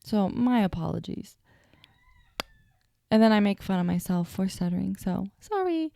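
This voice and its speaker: A woman's voice: medium pitch, animated, normal speed, vocal fry, warm tone, a little hiss or hum. A young woman hosting a podcast, telling stories in a chatty, self-deprecating way, sleepy and yawning, with a stutter at times. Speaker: podcast host. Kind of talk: casual solo storytelling.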